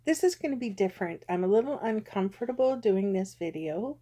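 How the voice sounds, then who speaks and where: Speaking to her viewers in a confessional vlog, this woman in her fifties has a mellow, mid-range voice with lively intonation. She talks haltingly with many pauses and sometimes seems near tears.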